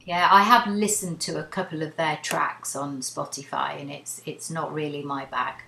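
Low-voiced female podcast co-host, casual and chatty, roomy echo. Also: steady tone, moderate pace, vocal fry, bright, forceful tone, slight background noise. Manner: chatty, laughs while retelling scenes. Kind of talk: casual book chat.

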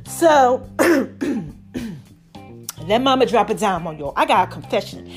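A woman hosting her podcast in a casual, animated monologue, a little short of breath and calling her listeners baby. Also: mid-range voice, unhurried, soft background music. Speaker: podcast host.

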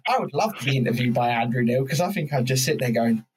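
A man's voice: mid-range voice, quick pace. Podcast guy ranting, lots of restarts and swearing, bit of background noise. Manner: animated, swearing, frequent restarts. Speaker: podcast host. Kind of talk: casual political chat.

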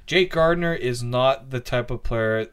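A man in casual sports talk as podcast co-host. His voice sits at an everyday middle pitch. He rambles and restarts sentences, filling the gaps with hesitant ums. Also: normal speed, fairly bright tone, smooth.

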